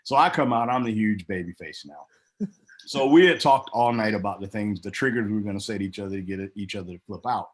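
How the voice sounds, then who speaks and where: Low-voiced man telling a wild backstage story. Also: quick pace, breathy edge. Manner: animated storyteller, acts out quotes with big pitch jumps. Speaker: guest, former pro wrestler. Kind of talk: casual storytelling interview.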